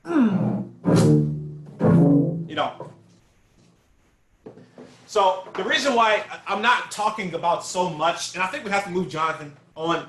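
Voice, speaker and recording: High-voiced man coaching bass over a call. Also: unhurried, pauses often, over music. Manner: casual, searching, repeats words while thinking. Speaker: bass teacher. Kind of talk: online masterclass coaching. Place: home room on a video call. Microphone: video call mic. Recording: echoey room over a video call.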